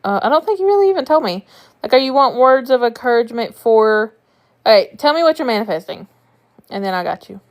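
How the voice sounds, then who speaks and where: Chatty manifestation coach woman, higher voice. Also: very animated, a little fast. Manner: chatty, reassuring, swears casually. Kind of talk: casual live-stream coaching chat.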